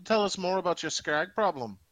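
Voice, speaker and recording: A man voicing a flirty, boastful orc blacksmith in a put-on Scottish accent, smooth-talking and rambling. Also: high voice, expressive, brisk, fairly bright tone, no room sound, voice pushed up. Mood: flattering.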